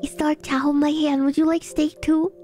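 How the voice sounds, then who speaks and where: A young woman VTuber streaming a block-building game, chatting casually with viewers, giggling often and breaking into excited squeals. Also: high voice, normal speed, over music. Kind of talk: casual gaming stream chat. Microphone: binaural dummy-head mic.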